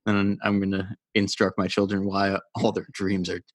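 Low-voiced wry man on a podcast. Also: completely flat delivery, normal speed, no room sound, studio quality. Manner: wry, self-deprecating, stammers on restarts. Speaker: podcast co-host. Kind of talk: casual sports podcast chat.

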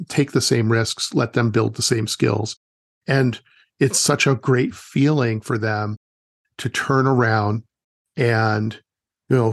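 A man who works as a wilderness educator, telling stories in a relaxed, chatty way during an interview and acting out the people he quotes. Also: mid-range voice, creaky, no room sound, clean studio sound. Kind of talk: casual interview storytelling.

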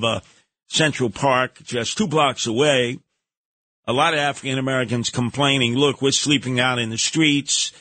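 A man hosts his radio show with a New York accent, talking in an emphatic, indignant stream. His voice is bright and tense. The studio sound is dry and close. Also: no room sound. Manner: indignant, emphatic, pitch jumps on outrage. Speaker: radio talk show host. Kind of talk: opinionated radio monologue.

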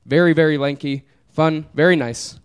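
A man's voice: a little high, normal speed, clean tone. A young man telling a funny story to a live audience, laid-back and laughing through it. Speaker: comedian telling a story on stage. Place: small live venue.

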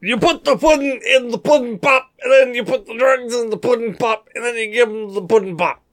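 A man doing an impression of a famous older male comedian, in a drawling voice he says he pushes down from his chin. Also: fairly quick. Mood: mock-sly. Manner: drawling, put-on deeper chin voice.

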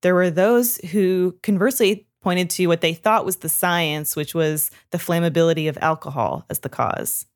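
A woman's voice: lowish voice, moderate pace, few pauses. A woman from Canada, co-hosting a podcast in casual chat, playful and teasing. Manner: playful, teasing, laughs easily. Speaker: podcast co-host.

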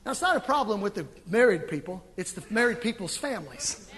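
Middle-aged pastor guy preaching hard, bright edgy voice, church echo hanging on. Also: high voice, fairly quick. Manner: animated, emphatic preaching with sudden loud swells. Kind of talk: sermon. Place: church sanctuary.

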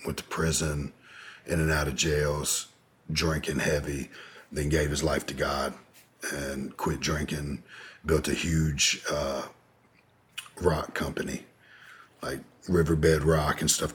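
A man's voice: rumbling low, level tone, takes it slowly, husky. A man telling a long personal story as an interview guest, candid and rambling, with frequent profanity and fillers.

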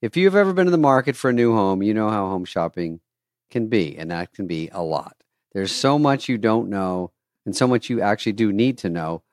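Lively-voiced man reading an ad. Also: fairly low pitch, a little fast, no room sound, clean studio sound. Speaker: podcast co-host. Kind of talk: casual chat and ad read.

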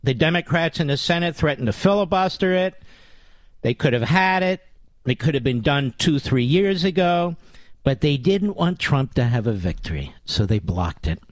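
Brief: man hosting a talk radio monologue, combative and sarcastic, fairly high voice with a lively, swinging delivery. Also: normal speed, dry recording. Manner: combative and sarcastic, with mocking nicknames.

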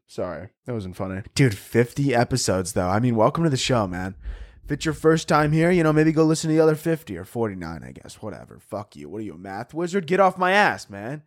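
A man's voice: medium pitch, animated, normal speed, no echo, clean studio sound. A young man hosting a solo comedy podcast, crude and mock-aggressive, often laughing at his own jokes. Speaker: podcast host.

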